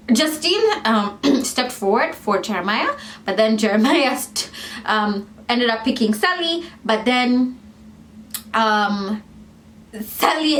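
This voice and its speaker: Chatty woman with a lively, rambling delivery. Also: a little high, echoey room. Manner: animated, rambling, self-correcting, lots of fillers. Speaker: vlogger reviewing a reality show. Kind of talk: casual chatty commentary.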